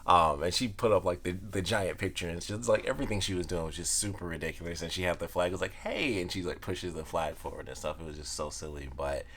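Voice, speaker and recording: A man's voice: low-pitched, steady tone, fast talker, hardly any pauses, a bit bright. A man casually reviewing episodes, rambling and often laughing, with lots of "like" and "you know".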